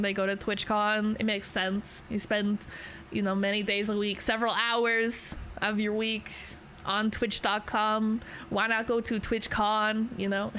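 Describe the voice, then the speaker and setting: A woman's voice: fairly high pitch, fairly bright tone, slight background noise. A young adult woman chatting casually with her stream viewers, rambling and self-deprecating, laughing often. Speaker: VTuber streamer.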